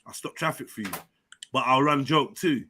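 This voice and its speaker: A man hosting a live-stream chat show, telling stories in an animated way, full of slang and swearing. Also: medium pitch, normal speed, slight background noise. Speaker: host and personal trainer.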